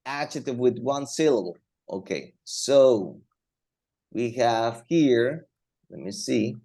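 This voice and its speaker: Slow, mellow-voiced male English teacher. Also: medium pitch. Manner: slow, repetitive, thinking aloud. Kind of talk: classroom grammar lesson.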